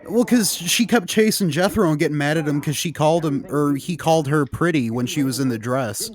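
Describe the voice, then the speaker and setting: A man's voice: a little high, fairly quick. A man casually commenting and joking with a friend while watching an old sitcom on stream. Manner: laughing, joking, excitable.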